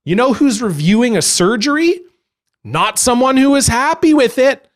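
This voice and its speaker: A young man telling a story as a stand-up comedian, animated and acting out other people along the way. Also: extremely high pitch, normal speed.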